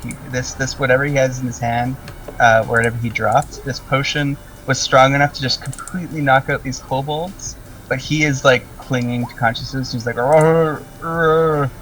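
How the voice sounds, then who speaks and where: A man's voice: medium pitch, fairly bright tone. A man narrating a tabletop game as game master, describing scenes with many ums and likes. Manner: descriptive, full of "um" and "like". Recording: distant mic with faint music.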